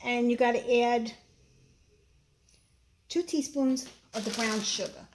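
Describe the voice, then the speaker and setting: Brooklyn woman, a bit high-voiced, opinionated home cook chatting over clattering pots. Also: steady tone, takes it slowly, background noise. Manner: chatty, opinionated, frequent fillers. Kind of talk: casual cooking demonstration. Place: home kitchen. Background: clattering dishes and utensils.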